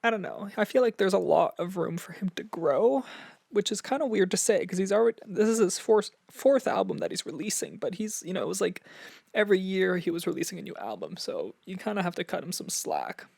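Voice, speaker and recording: Young man, podcast host, gravelly voice, dry close sound, nervous and chatty, slightly breathless. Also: high-pitched, very animated, brisk, a little mellow, no room sound. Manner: chatty and nervous, with many fillers and restarts. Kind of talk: casual solo music review.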